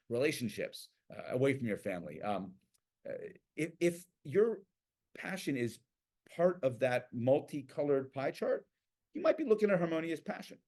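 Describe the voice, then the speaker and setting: A man speaks in a relaxed, conversational way and slips into the voices of the people he describes. His pitch rises and falls a lot as he tells his stories, and it sits in an ordinary middle register. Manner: animated storyteller acting out quoted people. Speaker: guest speaker on passion. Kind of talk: casual talk.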